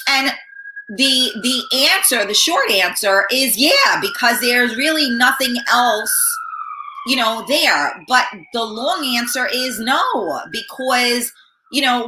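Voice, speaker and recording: A middle-aged woman hosting a talk show, hoarse and often clearing her throat, rambling in a blunt, profane, casual way. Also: on the high side, sharp tone, echoey room, a little hiss or hum. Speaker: host. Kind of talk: casual chat.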